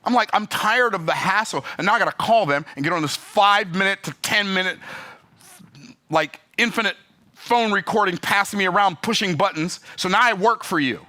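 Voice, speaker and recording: A man tells a story in a lively, emphatic rant. His voice sits a little high and comes across bright and forceful, with sudden jumps in pitch when he gets worked up. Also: a little fast. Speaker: business vlogger. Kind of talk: opinionated talking-head rant.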